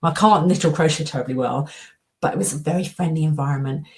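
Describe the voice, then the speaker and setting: Quick-paced and low-pitched with a darkish tone, a middle-aged woman tells a story during her coaching presentation with slides. As an anxiety coach and speaker, she acts out her inner dialogue along the way.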